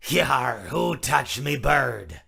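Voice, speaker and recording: A man voicing a courteous pirate fox animatronic in a game, with a gravelly voice. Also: mid-range voice, expressive, drawn-out words, sharp tone, heavily acted. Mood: polite.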